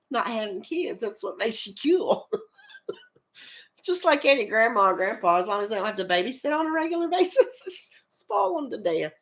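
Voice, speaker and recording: With a sing-song voice on the high side and a moderate pace, a middle-aged woman from rural America hosts a casual crochet stream. She has a cold and coughs, yet chats, laughs a lot, and calls out viewers by name.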